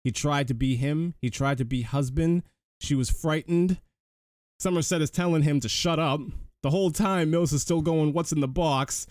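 A man's voice: a little high, moderate pace, darkish tone, no room sound. Dry-sounding man recapping a movie. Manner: retells the plot step by step, chatty. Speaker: podcast host. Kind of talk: casual movie recap chat.

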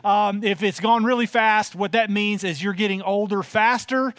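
A man in his forties delivers a sermon in a loose, folksy manner, peppering his talk with uhs. His voice sits high for a man. The sound is dry and close, with little room around it. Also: moderate pace, fairly bright tone, dry recording. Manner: conversational, folksy, with frequent filler uhs. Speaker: pastor. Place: church.

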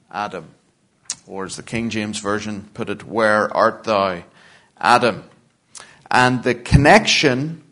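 A middle-aged man from Northern Ireland with a Northern Irish accent, giving a church lecture in a measured way with dry, self-deprecating humor. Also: mid-range voice. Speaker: guest lecturer.

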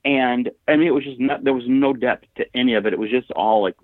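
A man's voice: mid-range voice, quick pace, no echo. A thoughtful, hesitant man on a podcast who keeps restarting his sentences as he works toward his point. His voice comes through a thin, phone-like line with dry, close sound. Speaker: podcast co-host. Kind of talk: casual chat.

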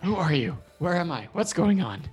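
A man voicing a weary, grateful dwarf man who has just been freed, in a voice a little higher than his own. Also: big pitch swings, normal speed, husky, soft background music, full character voice. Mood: bewildered. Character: weary bound male dwarf, grateful and anxious.

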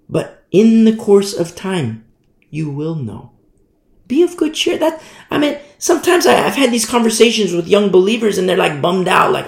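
A man's voice: sits high, creaky, roomy sound. A man preaching a sermon as a pastor, blunt and plain-spoken, mocking those he disagrees with.

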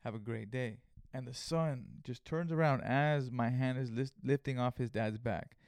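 Young male podcast host, loose profane storyteller, mid pitch, dry close sound. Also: moderate pace, no room sound. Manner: profane, animated retelling with acted-out quotes. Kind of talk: casual storytelling monologue.

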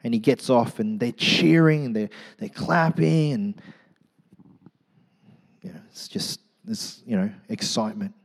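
A man preaching a sermon, telling a story with lively, acted-out crowd voices and casual asides. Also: medium pitch, a little slow, vocal fry. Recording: long hall reverb.

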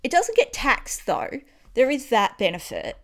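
A woman's voice: high-pitched, huge pitch swings, measured pace. A woman with an Australian accent, chatting enthusiastically as a podcast co-host. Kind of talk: casual chat.

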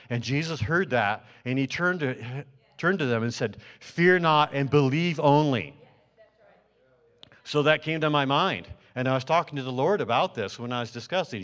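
A man's voice: mid-range voice, fairly bright tone. A man sharing a dream as a testimony to his church congregation, telling it as a story with many fillers and restarts.

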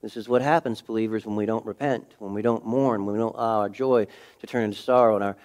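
A middle-aged man preaching a sermon in a conversational way, full of rhetorical questions, swinging between loud emphasis and hushed moments. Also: lowish voice, fairly even intonation, fast. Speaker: pastor.

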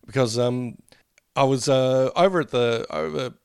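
A man's voice: mid-range voice, unhurried, clear, resonant tone, dry recording, clean studio sound. A man co-hosting a podcast, chatting casually, laughing often and telling rambling anecdotes. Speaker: podcast co-host. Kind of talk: casual chat.

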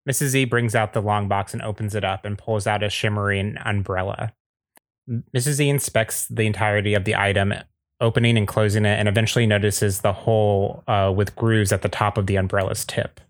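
A man narrating stage directions in a steady, plain read with small slips, at a table read. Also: lowish voice, a little fast, no room sound, studio quality.

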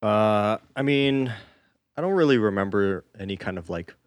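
A man co-hosting a casual podcast, telling a story in a measured, hesitant way. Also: fairly low pitch, no echo. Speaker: podcast co-host. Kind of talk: casual chat.

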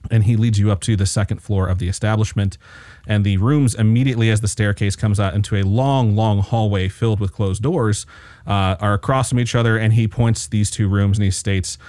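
A man narrating a tabletop game as game master, describing scenes in a relaxed way with frequent fillers. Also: on the low side, a little fast, no echo.

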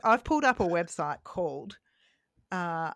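A woman's voice: lowish voice, lively intonation, measured pace, a bit bright, dry recording, studio quality. Playful woman hosting a podcast. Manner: playful, teasing. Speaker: podcast host. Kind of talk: casual podcast chat.

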